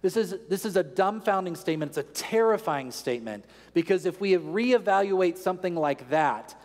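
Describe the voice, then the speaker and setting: Preaching man in a reverberant church. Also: a little high. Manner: earnest, teaching tone with rhetorical questions. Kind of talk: sermon. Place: large church sanctuary.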